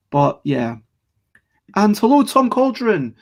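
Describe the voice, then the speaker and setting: A man with a fairly high, gravelly, slightly mellow voice hosts a casual live stream at a measured pace, rambling chattily about board games and greeting viewers in the chat as he goes.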